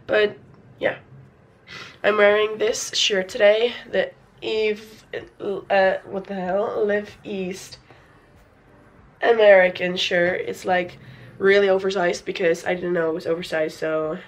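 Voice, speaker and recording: A woman's voice: mid-range voice, level tone, slow pace. A young woman vlogging in a casual, rambling way, with a sore throat and a voice partly gone from a cold. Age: young adult. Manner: chatty, rambling, self-correcting, mildly sarcastic. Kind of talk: casual vlog chat.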